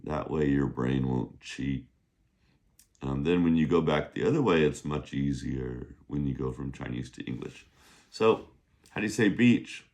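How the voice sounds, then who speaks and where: Casting: deep-voiced male teacher, voice wearing thin, slow, animated delivery. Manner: upbeat, drills with repeat-after-me. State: losing his voice. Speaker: Mandarin teacher. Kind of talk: casual vocabulary lesson. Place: beach, outdoors.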